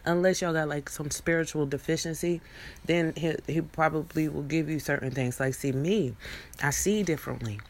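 A woman's voice: deep voice, normal speed. A young woman in a rambling, profane monologue, preaching at her viewers with many restarts and asides. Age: young adult.

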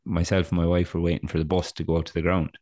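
Male podcast co-host, young adult, very low register, rambling self-deprecating storyteller, dry sound. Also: flat delivery, fast talker, darkish tone, no echo. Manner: rambling, self-deprecating anecdotes with many fillers. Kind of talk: casual chat, storytelling.

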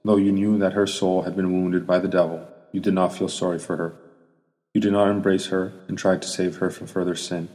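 A man reading as a gentle old monk-priest. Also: low voice, flat delivery, lightly acted. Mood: rebuking. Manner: soft and measured. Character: gentle elderly monk priest, stern when rebuking. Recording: long hall reverb.

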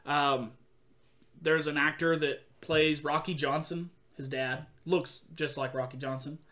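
A man hosts a casual podcast chat with a bright, clear tone and a voice a bit higher than most men's. He tells stories animatedly, acting out quotes and laughing often. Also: fairly even intonation, a little slow.

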